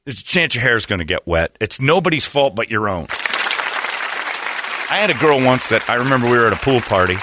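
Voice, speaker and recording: A man in his thirties in a casual comedic chat, mocking and quick to slip into high falsetto voices for people in his stories. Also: big pitch swings, a crowd in the background, noisy background. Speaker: podcast co-host.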